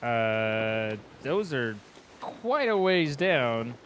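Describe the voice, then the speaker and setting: A man's voice: medium pitch, sing-song, drawn-out words, a bit bright, a little hiss or hum. A man hosting a live gaming stream in casual chat, wry and teasing. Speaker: streamer host.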